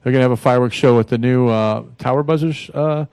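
A man's voice: medium pitch, fast, darkish tone, clear, resonant tone, no room sound. Folksy rambling radio host man. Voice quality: rambling, folksy, many fillers and restarts. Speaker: radio talk show host. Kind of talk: casual radio talk. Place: radio studio.

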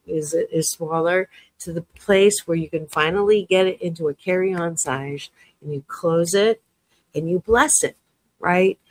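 A woman hosting a guided self-love exercise as a self-help author, speaking gentle, repetitive affirmations with chatty asides. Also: on the low side, dry recording, poor audio. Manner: gentle, repetitive affirmations, often trailing off softly; chatty asides with tag questions.

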